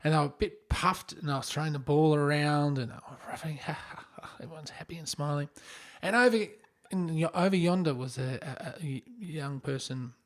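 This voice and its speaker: A man co-hosting a podcast, telling an animated story in casual chat and acting out the voices of the people in it. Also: fairly high pitch, moderate pace. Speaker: podcast co-host.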